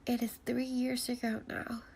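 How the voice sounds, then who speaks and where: Subdued timid widow, read by a woman, quiet and whispery, gravelly, stuffy nose, faint hiss. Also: fairly high pitch, flat delivery, normal speed, lightly acted.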